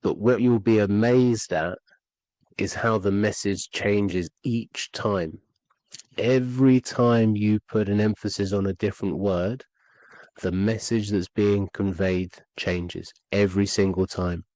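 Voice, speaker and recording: A man's voice: fairly low pitch, fairly even intonation, slow pace, darkish tone, no echo, low-quality recording. A man teaching voice and speaking skills on a podcast, earnest and repeating key points for emphasis. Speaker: communication skills coach. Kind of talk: instructional podcast talk.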